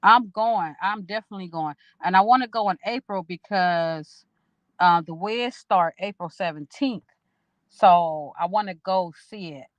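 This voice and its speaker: A woman's voice: lowish voice, a little slow, no room sound. A middle-aged woman talks straight to her viewers on a phone livestream, rambling and emotional, dropping casual swears. The sound is dry and a bit dull, like a phone outdoors. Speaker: vlogger talking to viewers. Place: outdoors at a park.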